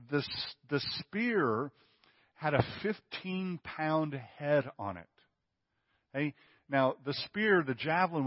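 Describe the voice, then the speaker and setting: Brief: a male pastor, slightly high voice, emphatic and chatty, on a muffled recording. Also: breathy edge, no echo, big-room sound. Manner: emphatic and conversational, checks in with "okay?". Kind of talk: sermon.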